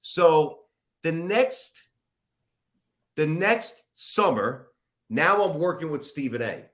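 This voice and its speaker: A man's voice: on the high side, slow pace. A middle-aged man, a sports radio host, telling a long story as a guest in a podcast interview, rambling and poking fun at himself. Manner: animated, rambling, self-mocking storyteller.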